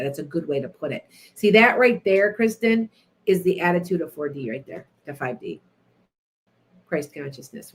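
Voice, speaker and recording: A middle-aged woman hosting an internet radio show, telling stories in a chatty, animated way, laughing often and talking to listeners by name. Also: lowish voice. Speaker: radio show host, psychic. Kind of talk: casual storytelling to listeners.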